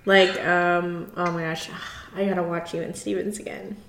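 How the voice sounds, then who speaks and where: A woman's voice: fairly low pitch, flat delivery, normal speed, fairly bright tone, slight background noise. Chatty lady cohost, laughs a lot, kinda echoey room. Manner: chatty, laughs often, many fillers. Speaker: podcast co-host. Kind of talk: casual recap chat.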